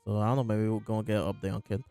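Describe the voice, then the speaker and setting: Faint music sits under a rapid-fire, lowish, mellow and smooth voice with little pitch movement. He's a podcast host casually discussing a manga chapter, rambling along with frequent fillers and laughs.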